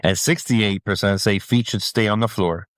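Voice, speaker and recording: A man's voice: on the low side, normal speed, a bit bright, clean tone, dry recording. A man co-hosting a podcast in casual chat, giving short reactions and reading out figures plainly. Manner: brief reactions, reads out stats plainly. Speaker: podcast co-host.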